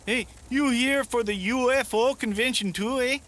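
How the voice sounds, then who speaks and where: An actor voicing a friendly, chatty Canadian camper with a Canadian accent and a folksy drawl, tacking "eh" onto everything. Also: male voice, extremely high pitch, moderate pace, fairly bright tone. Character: jolly Canadian camper man, chatty backwoods brother.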